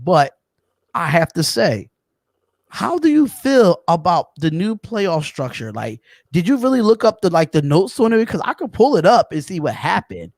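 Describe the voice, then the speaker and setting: A man hosting a casual sports talk podcast, animated and chatty, calling out to viewers. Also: sits high, normal speed, vocal fry, no echo, clean studio sound. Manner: animated, shouts out viewers, says y'all. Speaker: podcast host.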